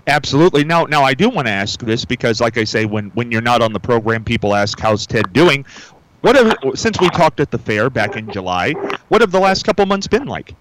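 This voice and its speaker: A man hosting a radio show, interviewing a guest with lively, friendly questions. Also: medium pitch, fairly quick, noisy background.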